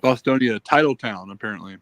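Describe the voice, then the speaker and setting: A man in casual chat, easygoing and quick to agree. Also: medium pitch, fairly bright tone, no echo, poor audio. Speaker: co-host.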